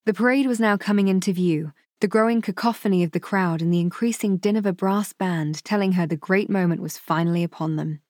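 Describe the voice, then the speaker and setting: Woman audiobook narrator, lowish voice, steady delivery, dry booth sound. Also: dry recording. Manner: measured, even storytelling.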